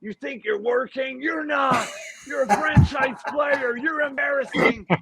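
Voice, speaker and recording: A man doing an impression of a profane, angry male hockey coach berating his players, shouting and swearing. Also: very high voice, steady tone, measured pace, creaky, crowd noise, voice pushed up, exaggerated voice. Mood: furious shouting. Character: furious middle-aged male hockey coach, yelling, profane.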